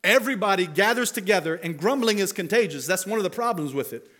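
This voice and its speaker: A man's voice: high voice, expressive, fast, fairly bright tone. A man preaching a sermon as pastor, talking conversationally and building to emphatic rhetorical questions. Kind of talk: expository sermon.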